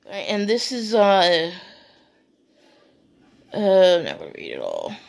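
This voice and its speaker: A woman's voice: on the low side, wildly swooping pitch, unhurried, gravelly, darkish tone. A woman chatting casually as she unboxes beauty products, rambling with fillers and restarts, still a little sleepy. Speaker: beauty vlogger.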